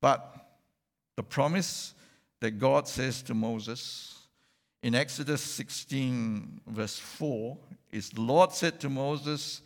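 A man delivers a sermon at an unhurried pace and asks the congregation questions as he goes. His voice has a gravelly edge. The sound carries a long hall reverb. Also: mid-range voice. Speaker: preacher.

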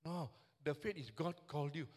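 High-voiced passionate Singaporean preacher in his seventies. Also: normal speed, a little mellow. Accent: Singaporean English. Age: 70s. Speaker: pastor. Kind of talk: sermon.

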